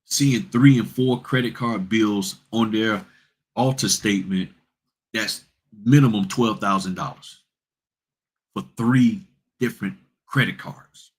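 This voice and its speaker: A man's voice: fairly low pitch, slow, pauses often, slightly rough. A man hosting a notary business vlog, giving blunt, straight-talking advice and repeating points for emphasis.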